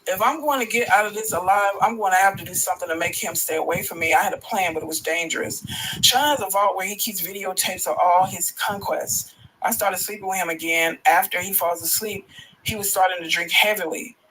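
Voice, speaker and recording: Bright-voiced man reading a story aloud. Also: high voice, a little fast, low-quality recording. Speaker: livestream host.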